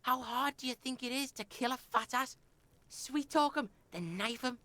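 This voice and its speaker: A scrappy, cursing street boy in a video game, swaggering and crude. He talks about himself in the third person with a brash, pushy bravado. His voice sits a little high, recorded close and dry. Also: moderate pace, pushed and bright, no room sound. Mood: menacing.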